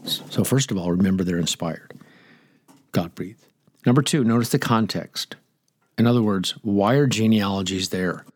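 Older male radio pastor, casual and digressive, husky tone, dry studio sound. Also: fairly low pitch, normal speed, a little mellow, dry recording. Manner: chatty, rambling, jokey asides. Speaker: pastor and radio Bible teacher. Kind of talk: casual Bible teaching on air.

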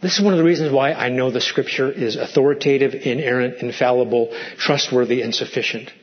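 A man's voice: medium pitch, a little fast, dull audio. A male pastor preaching a sermon, asking the congregation pointed rhetorical questions and acting out quoted lines in a raised voice.

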